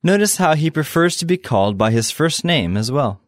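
A man's voice: fairly high pitch, big pitch swings, normal speed, no room sound, clean studio sound. A man hosting a language lesson, explaining a dialogue and introducing vocabulary. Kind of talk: scripted lesson presentation.

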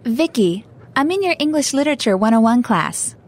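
A woman's voice: on the high side, very animated, moderate pace, a little mellow. A woman voicing a polite young university student in a scripted dialogue for a language lesson. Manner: polite, earnest.

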